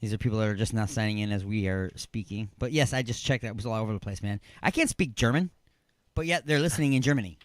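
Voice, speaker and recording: A middle-aged man hosting a call-in radio show from a studio, joking and rambling excitedly. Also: lowish voice, quick pace, no echo. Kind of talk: casual call-in radio chat.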